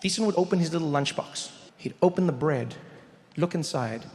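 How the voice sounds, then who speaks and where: Comedian with a raised voice, echoey hall. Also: male voice, on the high side, a little fast. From South Africa. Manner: storytelling, animated, acts out voices. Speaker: stand-up comedian. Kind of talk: stand-up comedy set. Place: stage in a large venue.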